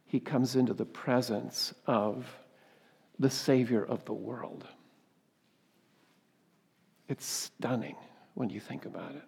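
A male pastor delivers a sermon in an ordinary mid-range voice. He builds to loud, fervent emphasis, then drops to hushed asides, and often tags his points with rhetorical questions. His voice rings out with a long reverb through a church hall. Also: medium pitch, gravelly, husky. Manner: rhetorical tag questions and repeated exclamations.

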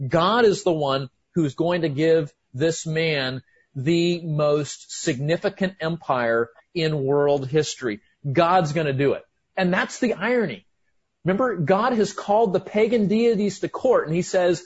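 Excitable high-voiced preacher, husky. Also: male voice, normal speed, dull audio. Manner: excited, emphatic, with frequent restarts. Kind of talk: sermon.

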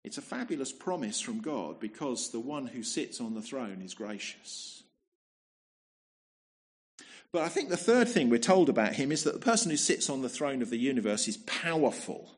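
A man's voice: medium pitch, very animated, normal speed. A man preaching a sermon in a conversational manner, often asking rhetorical tag questions and repeating words as he restarts.

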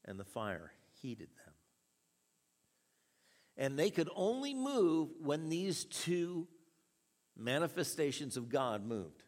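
A man preaching a sermon, telling a story with chuckles and an animated delivery. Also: a little high, slow pace, long pauses. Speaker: pastor. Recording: reverberant hall.

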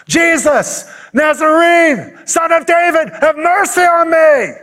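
A man acting out a blind beggar shouting for mercy, his voice jumping far above its usual register into desperate, strained cries. The pleading comes in loud, stretched-out calls. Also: very high-pitched, takes it slowly, voice pushed up, exaggerated voice.

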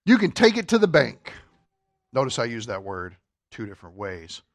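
A man preaching a sermon, putting questions to the congregation, with wide emphatic swings between loud and soft. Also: mid-range voice, wildly swooping pitch, moderate pace. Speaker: pastor.

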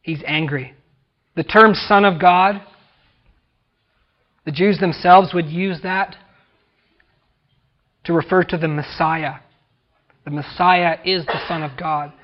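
A high-pitched American man delivers a sermon as pastor. He talks with dramatic emphasis and acts out the people he quotes. The recording sounds dull and lo-fi. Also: fairly even intonation, slow, long pauses. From United States.

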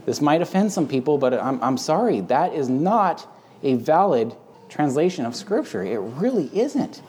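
A man's voice: fairly high pitch, very animated, moderate pace, darkish tone, slightly rough. A man hosting a casual Bible discussion who talks emphatically and conversationally, with frequent fillers. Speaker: host and Bible teacher. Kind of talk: casual teaching chat.

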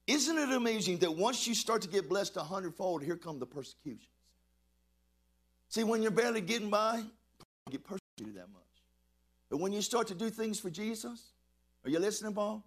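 A middle-aged man preaching a lively sermon, calling on the congregation to respond and shouting praises. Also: high-pitched, normal speed. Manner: exuberant, call-and-response preaching. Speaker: pastor.

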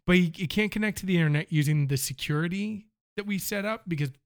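A man with a voice pitched a little high tells a long story in casual conversation. He is animated and acts out both sides of a phone call as he goes. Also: fast talker. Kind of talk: casual chat.

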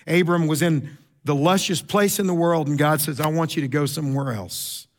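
A middle-aged man, preaching a sermon in a conversational style. He repeats words, makes quick asides to the congregation, and gets louder and higher to stress a point. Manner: rises in pitch and volume for emphasis. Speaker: pastor.

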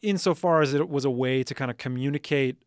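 A man's voice: medium pitch, fast, clean tone, dry recording, clean studio sound. A man from suburban Wisconsin co-hosting a casual chat, hesitant and rambling, often restarting and trailing off. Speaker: podcast co-host.

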